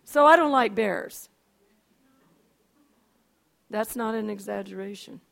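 An older woman telling an emotional personal testimony, animated, with frequent restarts and a voice that climbs and drops. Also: medium pitch, takes it slowly, creaky. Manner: animated storyteller, voice rises and falls, frequent restarts. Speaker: speaker giving a testimony.

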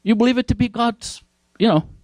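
A man's voice: extremely high pitch, brisk, a little mellow, no room sound, rough recording. A man preaching a sermon, emphatic, repeating key phrases and asking his listeners questions.

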